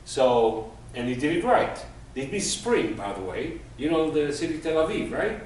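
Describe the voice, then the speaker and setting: A man's voice: fairly high pitch, big pitch swings, moderate pace, a little mellow, slight background noise. A man teaching a beginners' Hebrew class, patiently explaining and praising his students. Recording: echoey room, mic far off.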